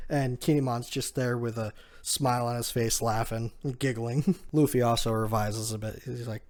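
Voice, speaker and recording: A man's voice: mid-range voice, steady tone, normal speed, darkish tone. A man casually retelling a comic chapter, acting out the characters' lines and chuckling often. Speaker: manga chapter reviewer. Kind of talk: casual recap with acted-out quotes.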